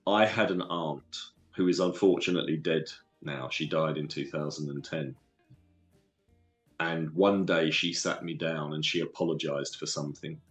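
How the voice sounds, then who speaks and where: A man from London with a London accent, a guest telling stories from his life in an earnest, halting way with many restarts. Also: very deep voice, steady tone, fairly bright tone, roomy sound, soft background music. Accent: London English. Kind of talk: casual storytelling interview.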